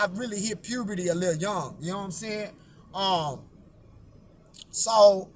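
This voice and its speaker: A man's voice: sits high, pushed and bright. A man hosting his own channel, telling a long story in a blunt, profane way and often repeating himself. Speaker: YouTube host.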